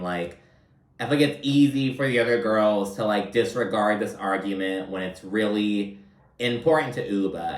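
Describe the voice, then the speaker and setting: A man's voice: mid-range voice, far from the mic. A man giving a casual, blunt recap of a reality TV show, full of swearing and fillers like "like" and "you know". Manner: blunt, profane, filler-heavy chatter. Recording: roomy, from off-mic.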